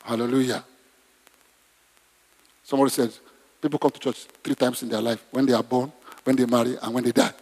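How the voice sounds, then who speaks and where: A man's voice: mid-range voice, flat delivery, a little fast, pauses often, darkish tone, breathy edge. A man preaching a conversational sermon in a church, often asking the congregation questions. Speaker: pastor. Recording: long hall reverb.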